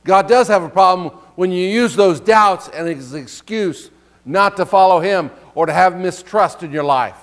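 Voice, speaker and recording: High-voiced man preaching conversationally. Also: moderate pace. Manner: conversational preaching with rhetorical questions, reading scripture aloud. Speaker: pastor. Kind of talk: sermon.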